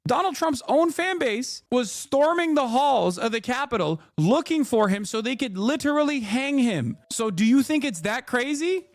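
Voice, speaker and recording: A man's voice: sits high, no echo. A man giving heated, incredulous commentary on political clips. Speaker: political streamer reacting to clips. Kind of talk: casual commentary.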